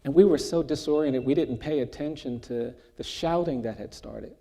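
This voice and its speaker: A man's voice: fairly high pitch, normal speed, vocal fry, warm tone. Earnest older man telling a story in a hall. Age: 60s. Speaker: guest speaker. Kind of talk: onstage conversation, personal storytelling. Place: large hall before an audience. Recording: long hall reverb.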